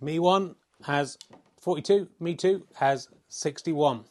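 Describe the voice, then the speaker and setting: A man's voice: fairly high pitch, slow, a little mellow. Wry mock snooker commentator, a man. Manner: wry, self-mocking, swears in mock exasperation.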